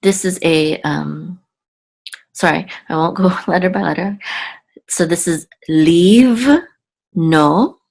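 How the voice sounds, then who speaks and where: A woman teaching a reading lesson, patiently repeating and slowly sounding out each word. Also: lowish voice, gravelly, husky. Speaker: Hebrew teacher. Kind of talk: explaining a reading lesson to camera.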